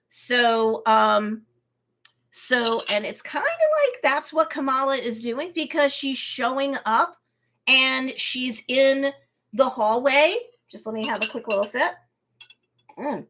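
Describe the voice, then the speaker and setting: A woman hosting a casual live review of a TV episode, recapping scenes in a lively way, acting out the characters' reactions, and slipping into motherly advice. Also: a little high, measured pace. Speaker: host and TV reviewer.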